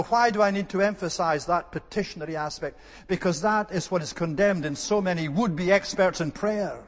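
A man's voice: high voice, a bit bright, long reverb tail. A man preaching an earnest, emphatic sermon and repeating his key words for stress.

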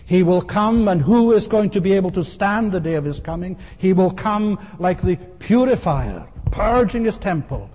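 A man preaching with a mellow, warm voice pitched a little high. He speaks earnestly and with emphasis, stopping now and then on an "uh" as he works through his point. His voice rings with a long reverb, as in a large hall. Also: expressive, normal speed, hardly any pauses, breathy edge. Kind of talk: sermon.

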